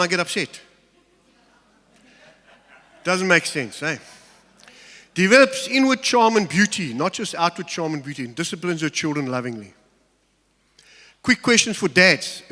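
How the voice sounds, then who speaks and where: Man, sermon, slightly high voice, candid and emotional, long hall reverb. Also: expressive, pushed and bright. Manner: candid, emotional, halting when personal. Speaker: pastor. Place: large church hall.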